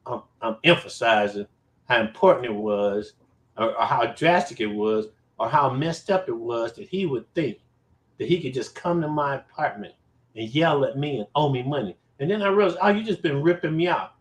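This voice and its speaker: A man casually telling a personal story to his viewers, animated and profane, with emphatic repetition. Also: medium pitch, moderate pace. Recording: roomy echo.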